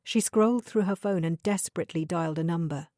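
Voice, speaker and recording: A woman narrating an audiobook thriller in a measured, even storytelling manner. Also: lowish voice, dry recording, studio quality. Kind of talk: scripted narration.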